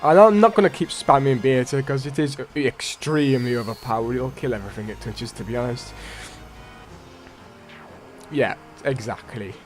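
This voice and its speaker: A man's voice: mid-range voice, normal speed. Rambling man commenting on gameplay. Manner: rambling, self-correcting. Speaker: let's play host. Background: faint game music.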